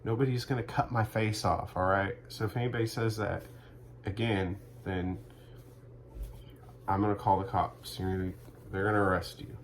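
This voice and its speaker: A man riffing through a rambling, profane comic monologue in a deadpan delivery. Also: fairly low pitch, normal speed, pauses often, a little hiss or hum. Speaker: comedic vlogger.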